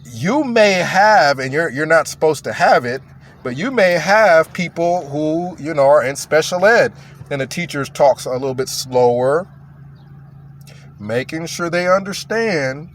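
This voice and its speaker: A man's voice: on the high side, animated, moderate pace. A man talking in a blunt, mocking, emphatic way as a commentator, in a casual rant.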